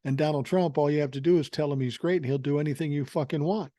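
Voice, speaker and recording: A man's voice: a little high, steady tone, fast, dark tone, no echo, studio quality. An older man hosting a podcast, ranting through political commentary in a profane, sarcastic and mocking way. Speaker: podcast host.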